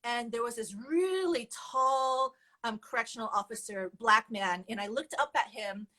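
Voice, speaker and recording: A woman shares her life story as a guest, speaking candidly and with animation. Her voice sits a bit high, and she often laughs as she talks. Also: moderate pace, sharp tone, rough recording. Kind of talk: personal testimony storytelling.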